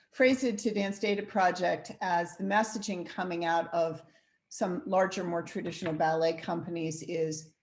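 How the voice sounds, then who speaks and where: A woman's voice: lowish voice, a little mellow. A woman hosting an interview, agreeing emphatically and eagerly before asking her questions. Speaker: podcast host.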